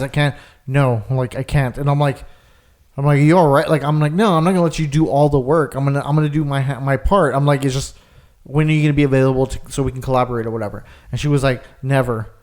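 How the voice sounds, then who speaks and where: A man's voice: medium pitch, steady tone, quick pace, darkish tone. A young man co-hosting a podcast, telling a long story in casual chat and leaning hard on fillers. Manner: rambling storyteller, lots of "like". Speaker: podcast co-host.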